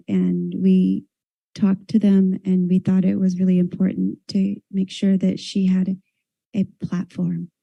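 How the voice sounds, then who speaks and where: A woman's voice: on the low side, vocal fry, mellow, dry recording, highs cut off. A woman moderating a panel at a university event, thanking speakers and passing the mic.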